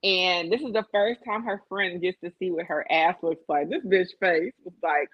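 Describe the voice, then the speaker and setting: A woman co-hosting a casual chat, telling stories in an animated, profane way and laughing often. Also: fairly low pitch, moderate pace, no room sound, muffled recording.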